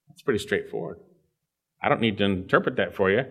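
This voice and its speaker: A man's voice: on the low side, brisk, a bit bright, slightly rough. A man preaching an expository sermon, teaching verse by verse and checking in with his listeners. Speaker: pastor.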